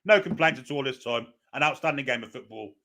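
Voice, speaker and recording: A man's voice: mid-range voice, quick pace, gravelly, bright, forceful tone. A man co-hosting live fan commentary on a football match, chatty and jokey, sometimes swearing. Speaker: fan channel co-host.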